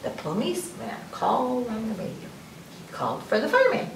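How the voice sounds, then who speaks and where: A woman reading a picture book aloud for a library story time, expressive and with chatty asides. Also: a little high, normal speed, vocal fry. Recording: roomy, distant mic, faint hiss.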